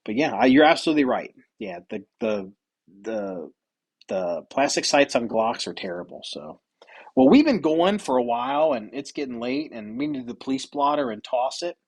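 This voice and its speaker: A man's voice: mid-range voice, very animated, normal speed, vocal fry, breathy edge. A man hosting a podcast, telling stories in loose, rambling casual chat with some swearing. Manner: rambling, profane storytelling. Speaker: podcast host.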